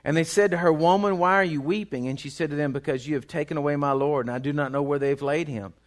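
High-voiced preacher. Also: male voice, fast. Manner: dynamic preaching, swinging from loud bursts to hushed tones. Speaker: pastor. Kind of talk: sermon.

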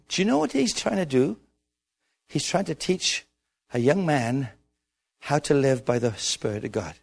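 A man with an Irish accent preaching a sermon, acting out a story with lively dialogue and building to shouts. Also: medium pitch, unhurried, vocal fry, pauses often.

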